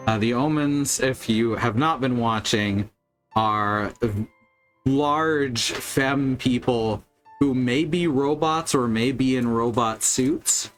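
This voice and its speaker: A man's voice: medium pitch, a bit bright. A man streaming a video game, chatting casually with a rambling, wry manner and casual swearing. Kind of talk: casual gameplay chat.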